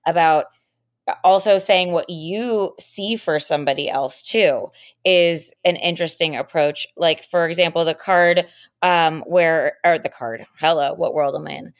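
A woman's voice: sits low, unhurried. A woman co-hosting a relationship podcast, giving earnest advice in long, explanatory turns of casual chat. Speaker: podcast co-host.

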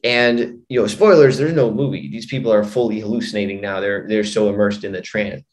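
A man's voice: on the low side, fairly even intonation, fairly quick, hardly any pauses, darkish tone. A man, a hypnotist and mind coach, telling a long story as a guest in a casual interview, rambling with lots of "you know" and "like". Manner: rambling, full of "you know" and "like", frequent restarts.

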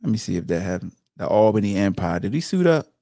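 This podcast host's voice is fairly low and quick as he jokes around about sports, playfully ribbing rival fans in animated trash talk. The studio-quality recording has no echo.

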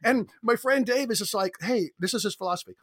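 A man's voice: very high-pitched, fast, breathy edge, no room sound, clean studio sound. An older man, a comedian, telling stories in casual conversation and acting out voices as he goes. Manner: animated, acts out voices in his stories. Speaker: comedian guest. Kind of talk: casual storytelling chat.

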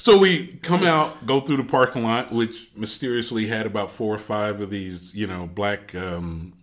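A man telling a long story in casual chat, animated, with frequent fillers and restarts. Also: on the low side, normal speed. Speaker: podcast storyteller.

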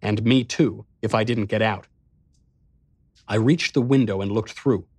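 Man narrating a dark tale, dry studio sound. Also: on the low side, a little slow, breathy edge, no echo. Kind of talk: first-person dramatic narration.

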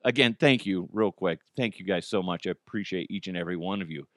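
A man hosting a podcast alone, chatting casually in an animated, profane, rambling way. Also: low voice, fast talker, dry recording, clean studio sound. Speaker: podcast host. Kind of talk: casual solo podcast chat.

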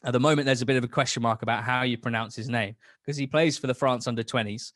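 A man's voice: medium pitch, fairly even intonation, fast, fairly bright tone, dry recording, studio quality. A young man talking as a football podcast guest, chatty and enthusiastic, often restarting his sentences. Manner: enthusiastic, rambling, many restarts. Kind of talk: casual chat.

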